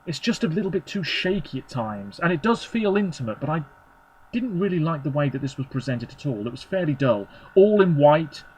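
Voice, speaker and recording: A man giving opinionated solo commentary, chatty and sarcastic, with quick verdicts in short clipped phrases. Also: fairly high pitch, breathy edge, poor audio. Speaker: Eurovision commentator.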